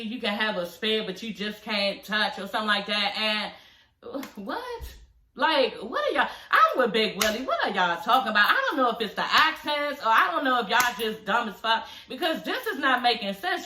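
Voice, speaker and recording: A woman's voice: fairly high pitch, bright, forceful tone. A woman vlogger giving a blunt, profane, chatty recap of a reality show. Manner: blunt, profane, chatty, frequent laughing asides. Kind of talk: casual recap vlog. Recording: echoey room.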